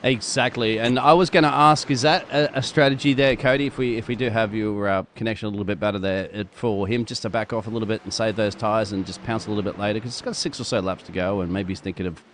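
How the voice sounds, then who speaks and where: Brief: Australian man, lead commentator, low and quick, friendly with co-hosts. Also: fairly even intonation, a little hiss or hum. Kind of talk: sim racing commentary.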